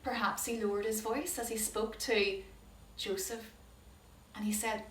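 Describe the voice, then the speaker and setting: A woman tells a children's Bible story in an animated way, stopping to put questions to her listeners. Her voice sits a little high and reaches the mic from a distance in a roomy, echoing space. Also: a little slow, pauses often, a little hiss or hum. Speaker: Sunday school teacher.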